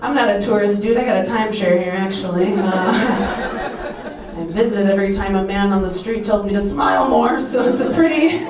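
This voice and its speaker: A young adult woman from Minnesota doing a stand-up comedy set in a comedy club, playful and animated, jumping up to high exclamations. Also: moderate pace, a crowd in the background. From Minnesota, USA. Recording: roomy club sound from a distance. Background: audience laughter.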